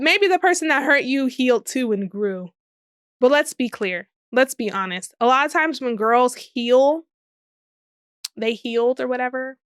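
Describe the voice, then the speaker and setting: A woman's voice: high-pitched, a bit bright, clear, resonant tone. A young woman talks through her solo podcast, sassy and profane and laughing often. The sound is dry and close, with almost no room echo. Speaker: podcast host. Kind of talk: casual solo podcast monologue.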